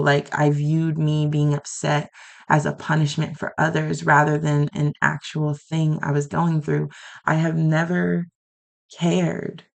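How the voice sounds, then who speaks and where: A woman's voice: low voice, creaky. Woman praying with raw anger. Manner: raw, pleading and angry. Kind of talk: emotional spoken prayer.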